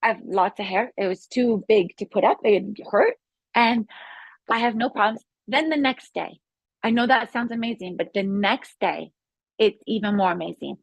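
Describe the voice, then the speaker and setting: Woman guest, eager and rambling, mid pitch, dry sound. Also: moderate pace, gravelly, husky, dry recording. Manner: excited, rambling storytelling with restarts. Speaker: guest sharing a healing testimony; yoga instructor. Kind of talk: casual spoken testimony.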